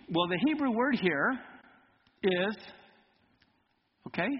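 A man preaching a Bible teaching sermon, lively and emphatic as he explains Hebrew words. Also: high-pitched, takes it slowly, long pauses, long reverb tail, dull audio, slight background noise.

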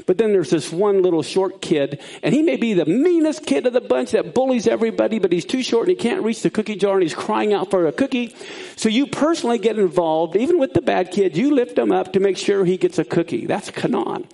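A man teaching a sermon, explaining Bible words in an animated way that swings up high for emphasis. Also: a little fast, creaky.

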